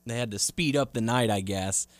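A man's voice: medium pitch, moderate pace, dry recording. A young man with a mid-range voice recaps wrestling shows at an easy pace, leaning on fillers and laughing along. His voice sounds dry and close to the mic. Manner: laid-back, recaps with fillers, laughs often. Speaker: podcast co-host.

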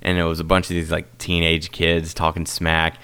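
Brief: very deep, smooth-voiced man in his thirties, laid-back podcast co-host. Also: completely flat delivery, moderate pace, bright, forceful tone. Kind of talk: casual chat.

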